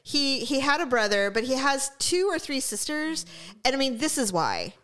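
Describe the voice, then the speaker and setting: A woman's voice: high voice, sing-song, moderate pace, a bit bright, clean tone. A woman co-hosting a podcast, telling stories in casual chat, laughing often and acting out what other people said. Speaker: podcast co-host.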